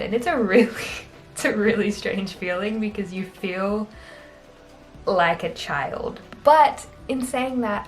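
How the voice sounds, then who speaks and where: A young Australian woman vlogging in a casual, chatty, self-deprecating way, laughing often. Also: on the low side. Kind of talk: casual chat to camera.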